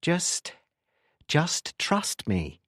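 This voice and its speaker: A guarded accomplice brushes off a panicking friend in a calm, slightly irritable tone, as a male narrator voices him. The reading is close and dry, with a lively rise and fall. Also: medium pitch, takes it slowly, no echo. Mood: evasive. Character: evasive male accomplice on the phone.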